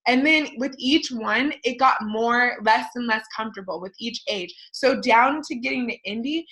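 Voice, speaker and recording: A woman's voice: fairly high pitch, moderate pace, poor audio. Chatty woman mom rambling to listeners. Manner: rambling, animated, with many fillers and tangents. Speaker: podcast host. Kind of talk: casual personal talk to listeners.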